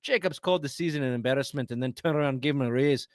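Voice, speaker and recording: A man putting on a wobbly mock Scottish accent to voice a crude, foul-mouthed sports ranter in a loud comic rant. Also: mid-range voice, rapid-fire, dry recording, studio quality, close to an everyday voice. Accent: mock Scottish, drifting Irish and French.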